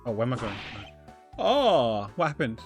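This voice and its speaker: A man gives casual let's-play commentary, rambling as he works things out aloud. His voice sits at an ordinary pitch. Faint game music plays behind him. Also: huge pitch swings, moderate pace. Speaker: streamer.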